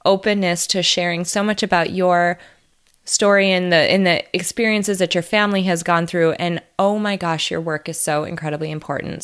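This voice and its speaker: Wrapping up an interview, a podcast host in her thirties gives a motivational recap. Her lowish, smooth voice sounds earnest and full of feeling.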